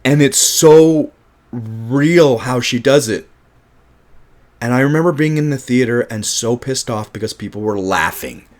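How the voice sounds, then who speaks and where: A man's voice: mid-range voice, unhurried, darkish tone. A man in the middle of his range talks through a film he loves in a casual review monologue. He is emphatic and heated, swears freely, and keeps restarting his sentences as his feelings run ahead of his words.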